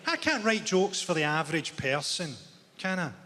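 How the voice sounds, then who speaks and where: High-voiced Glaswegian stand-up, deadpan. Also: male voice, moderate pace. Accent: Glaswegian Scottish. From Glasgow, Scotland. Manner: deadpan, dry one-liners. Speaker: stand-up comedian. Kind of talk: stand-up comedy set. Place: large theatre stage. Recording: reverberant theatre hall with audience noise.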